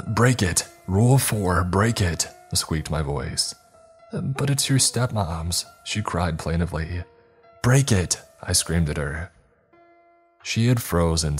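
Male horror story narrator, extremely deep voice, steady measured reading, faint background music.

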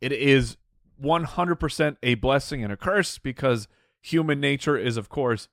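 A man in casual podcast chat, speaking haltingly and thinking aloud with restarts. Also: medium pitch, creaky, fairly bright tone, no echo, studio quality.

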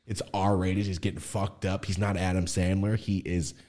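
A young man hosting a podcast, chatting casually and telling animated stories with quick jumps into high mimicking voices. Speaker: podcast host.

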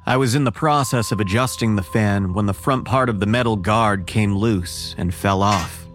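A man narrating a first-person horror story in a measured, wary tone. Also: fairly low pitch, soft background music.

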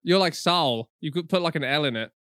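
Sarcastic higher-voiced man, dry mic. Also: lively intonation, racing, fairly bright tone, no echo. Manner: sarcastic, teasing, swears a lot. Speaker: podcast co-host. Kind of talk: casual chat.

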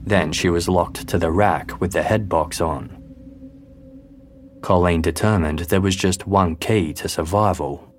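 Deep-voiced man narrating true crime. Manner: measured, grave storytelling. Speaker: podcast host.

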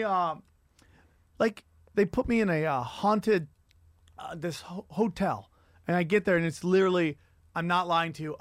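A man hosting a podcast, telling stories in an animated, profane comedic rant. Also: high-pitched, no room sound, clean studio sound. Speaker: podcast host.

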